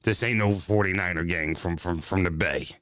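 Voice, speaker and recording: A man with a very low voice, swearing through laid-back stories as he talks straight to his viewers. His speech is loose and slangy, recorded close and dry. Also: moderate pace, a bit bright, no echo. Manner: profane, slangy storytelling. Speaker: livestream host. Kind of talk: casual livestream chat.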